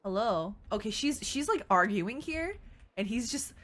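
Excitable high-voiced woman streamer. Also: moderate pace. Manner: excitable, loud reactions and bursts of laughter. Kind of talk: live gameplay commentary.

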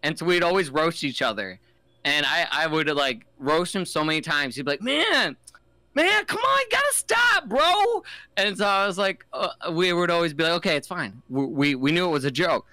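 A man's voice: on the high side, fairly quick, sharp tone, dry recording. A young man on a podcast, chatting casually and jokingly, slipping into silly voices now and then. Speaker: podcast host. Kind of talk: casual chat.

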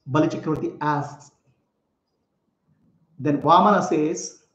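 A man's voice: a little high, normal speed, long pauses, bright, forceful tone. A man, a spiritual teacher, telling a sacred story for children in simple, repetitive words and explaining terms. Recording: echoey room, dull lo-fi sound.

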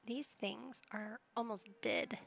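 A young woman hosts a gaming channel, giving casual let's-play commentary on a life-sim game while teasing and chatting to her characters. Her voice is on the high side, slow and steady, with a creaky, fairly bright quality.

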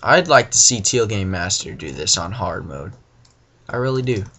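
A young man giving profane, frustrated let's play commentary, ranting and now and then bursting into yells. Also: on the low side, expressive, moderate pace, slight background noise. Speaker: gamer.

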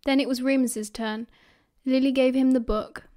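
A British woman reads an audiobook aloud, her voice sitting a little high for a woman. She narrates in a steady, expressive storytelling way. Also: moderate pace. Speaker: audiobook reader.

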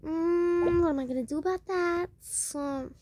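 A woman's voice: very high voice, measured pace, a little mellow. A young woman giving casual, rambling commentary while playing a game, talking to the game and her viewers. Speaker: gameplay vlogger.

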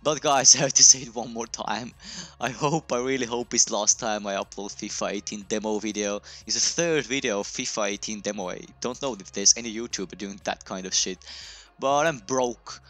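Bright-voiced young male gaming YouTuber. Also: lowish voice, normal speed, few pauses, soft background music. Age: young adult. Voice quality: chatty, jokey, laughs often. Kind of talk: casual game commentary.

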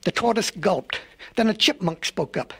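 A man's voice: sits high, animated, moderate pace, breathy edge. A man narrating a storybook record in a folksy way, with rambling asides.

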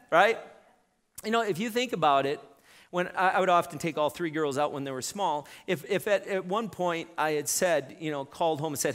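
A middle-aged man preaching a sermon, telling a lively story with many repeated starts. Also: sits high, moderate pace. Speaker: pastor. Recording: long reverb in a church hall.

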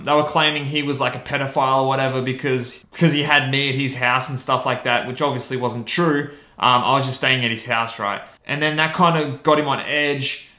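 Rambling man telling a story, bright voice. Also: fairly high pitch, reverberant. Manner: rambling, many fillers like "you know" and "right?". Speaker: podcast host. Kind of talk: casual storytelling.

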